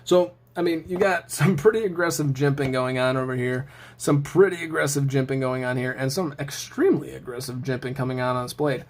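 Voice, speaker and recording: A man's voice: mid-range voice, brisk. A young man hosting a knife review show, talking casually with sarcastic jokes and rambling asides.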